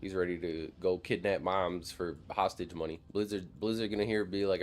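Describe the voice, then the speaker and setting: Rambling, profane young game streamer. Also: male voice, low voice, fairly even intonation, normal speed. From Wisconsin, near Madison. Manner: rambling, profane, full of "like" fillers. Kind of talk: casual live-stream chat while gaming.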